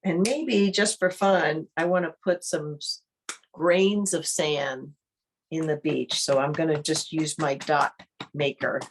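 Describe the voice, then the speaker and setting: A woman leading an online art workshop, calmly thinking aloud as she demonstrates each step. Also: low voice, a little hiss or hum. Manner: calm, unhurried, thinks aloud while demonstrating. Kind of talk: online interactive workshop teaching.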